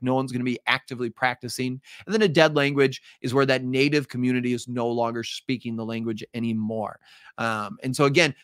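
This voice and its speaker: A man's voice: mid-range voice, a bit bright, no echo, clean studio sound. A man with a Midwestern accent, teaching an upbeat, chatty live-stream review lesson with frequent ums. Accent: Midwestern American.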